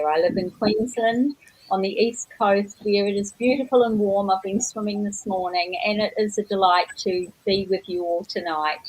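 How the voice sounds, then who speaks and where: A woman's voice: medium pitch, breathy edge, low-quality recording. A woman from New Zealand with an accent mixing New Zealand and Australian, speaking cheerfully as a guest on a video call. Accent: New Zealand–Australian mix. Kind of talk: casual self-introduction.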